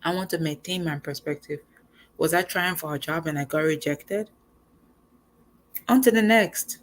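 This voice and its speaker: A young woman talks straight to her audience in a casual motivational chat. Her voice sits a little low, and she speaks in an animated, conversational way. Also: normal speed. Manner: animated, conversational, acts out quoted lines. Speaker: host.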